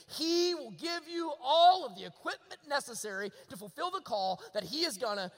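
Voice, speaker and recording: A man's voice: high voice, sing-song, normal speed, few pauses, big-room sound. A man preaching a sermon in a church, impassioned and repeating lines for emphasis. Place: church sanctuary.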